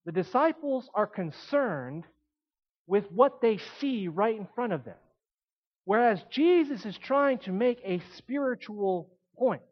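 A man preaching a sermon in an animated way, shifting between quiet explanation and emphatic points. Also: high-pitched, slow, muffled recording.

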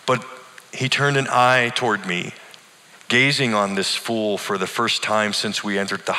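A middle-aged male pastor tells a personal story in a sermon style, earnest and deliberate. His voice sits fairly low but comes across bright and forceful. A long reverb from a large hall hangs after his words. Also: steady tone.

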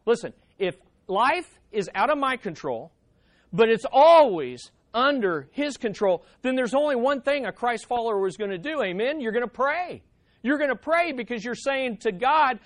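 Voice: medium pitch, very animated, unhurried, dry recording. Pastor preaching, emphatic, repeats phrases, dry close sound. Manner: emphatic, repeats key phrases, asks the audience "Amen?". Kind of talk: sermon.

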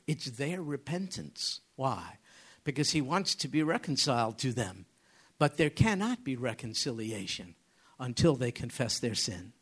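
A man with a slightly husky voice preaches a sermon. His pitch swings high and low as he presses questions on his listeners and leans into dramatic pauses.

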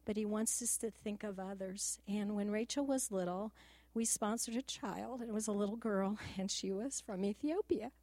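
A woman's voice: medium pitch, fairly even intonation, moderate pace, dry recording. A middle-aged woman giving an earnest, personal testimony at church, telling homely stories in a practical way and sometimes close to tears. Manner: earnest, personal and practical, with a gentle down-home storytelling way. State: tearful at times. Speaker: church speaker.

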